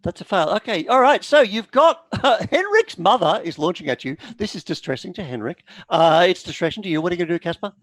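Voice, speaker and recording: A man narrating as game master of a tabletop horror game, animated and full of quick asides. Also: sits high, dry recording. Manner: animated, lots of fillers and asides.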